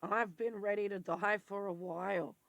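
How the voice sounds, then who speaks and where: An adult in their forties with an Australian accent, talking bluntly and intensely in a candid personal monologue. Their voice is worn and turns squeaky when they get worked up. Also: fairly even intonation, moderate pace, a bit bright, no echo. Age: 40s. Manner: blunt, swears freely, intense and rambling. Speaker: vlogger.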